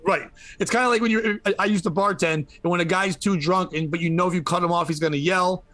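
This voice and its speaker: A man hosting a comedy podcast, retelling a news story with animated, profane storytelling. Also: sits high, fast talker, dry recording. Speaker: podcast host.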